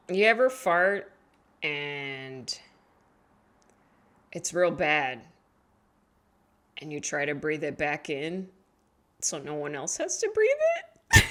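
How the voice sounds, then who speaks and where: An animated woman in her thirties talks through a loose comic monologue. Her voice is bright and her pitch leaps around, and she drawls slowly between bursts. She drops to mumbled asides, then shouts out her punchlines. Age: 30s. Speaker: comedian, podcast host. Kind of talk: casual comedic monologue.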